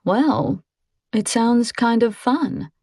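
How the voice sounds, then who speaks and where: Woman reading a quiet, hesitant young woman. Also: on the high side, very slow, husky, dry recording, clean studio sound, full character voice.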